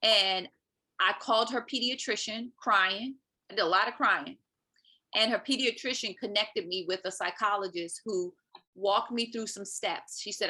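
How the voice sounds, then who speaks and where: A woman speaks as a podcast guest, her voice bright and forward at a middle pitch. She tells her story animatedly and often checks in with a quick "right?". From Maryland, US. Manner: animated, acts out quoted speech, often adds "right?". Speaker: podcast guest, parent advocate. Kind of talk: personal storytelling in conversation.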